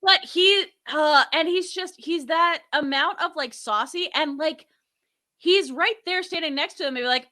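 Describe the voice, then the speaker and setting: Woman, podcast co-host, high-ish and animated, bright tone, playful storyteller. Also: moderate pace. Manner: animated, acts out quotes in exaggerated voices. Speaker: podcast co-host and sketch artist. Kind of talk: casual chat.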